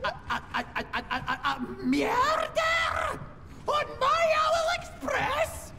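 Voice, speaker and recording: A man's voice: very high voice, wildly swooping pitch, takes it slowly, sharp tone, shouting, full character voice. A man voicing a cranky male owl train conductor in a video game, rolling his R's and speaking in a blustery, indignant, theatrical way. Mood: shocked. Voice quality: rolls his R's, dialect speech. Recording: reverberant noisy game audio.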